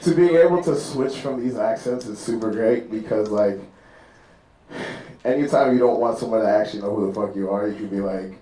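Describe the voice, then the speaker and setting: A man's voice: on the low side, fairly quick, far from the mic. A man doing a stand-up comedy set at a live venue, telling stories and acting out voices in between. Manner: animated storytelling, acting out characters' voices. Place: live club venue with audience. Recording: roomy live venue sound.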